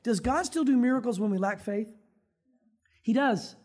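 A man's voice: very high-pitched, normal speed, a little mellow. Conversational male pastor preaching. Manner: conversational, acts out prayers in dramatic voices. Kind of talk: sermon.

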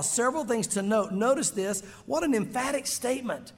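A man with a very high voice delivers an emphatic, conversational sermon, pressing his points home. His voice rings out with a long reverb, as in a church sanctuary. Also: lively intonation, moderate pace, hardly any pauses. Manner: emphatic, conversational preaching with repeated "bottom line". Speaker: pastor.

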